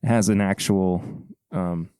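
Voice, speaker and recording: A man's voice: sits low, fairly even intonation, slow, mellow, clear, resonant tone, no room sound, studio quality. A man hosting a podcast, chatting in an easygoing, somewhat hesitant way. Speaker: podcast host. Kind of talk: casual chat.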